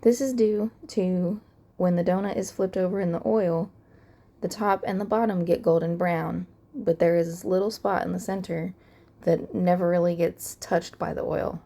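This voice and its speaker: A young woman talks through a card-making tutorial in a calm, methodical voice-over. Her voice is low and mellow, with a gravelly, crackly early-morning roughness running through it. She explains each step plainly and evenly. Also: normal speed.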